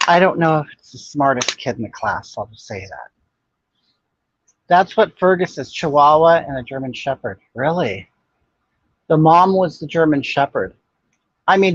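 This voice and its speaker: An older man hosts a casual livestream chat, answering viewer comments in a sassy, blunt, gossipy manner. His voice is fairly high, and the dry recording sounds dull and muffled, with slight background noise.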